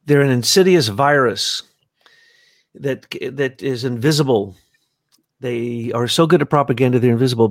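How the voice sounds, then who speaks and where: A man hosting a podcast conversation in an animated, jokey way. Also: medium pitch, dry recording, studio quality.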